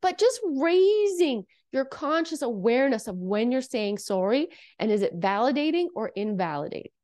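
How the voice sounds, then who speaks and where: Her pitch is a little high overall but swings widely, with a moderate pace and a darkish tone. This Canadian woman earnestly coaches listeners in a casual self-help monologue, checking in with "okay?" and "right?".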